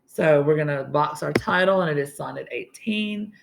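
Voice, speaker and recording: A woman's voice: sits low, moderate pace, gravelly, background noise. A woman teacher, giving a casual, chatty recorded lesson and often restarting her sentences.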